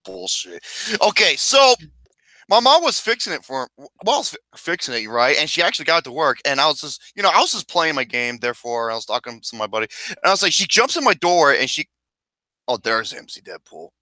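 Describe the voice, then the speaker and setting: A man hosting a casual movie chat podcast, loud and excitable, swearing and laughing often. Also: fairly high pitch, a little fast, no echo. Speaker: podcast host.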